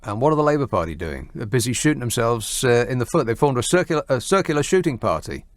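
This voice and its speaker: Sardonic, lively-voiced male radio host. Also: medium pitch, fast, no echo. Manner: dry, sardonic and teasing. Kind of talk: late-night talk radio. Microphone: studio mic.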